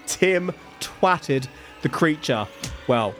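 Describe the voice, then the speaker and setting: A man hosting a podcast, slowly telling a story between jokes and frequent laughter. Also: a little high, lively intonation, a bit bright, faint music behind. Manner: slow, laughing, jokey storyteller. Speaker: podcast host.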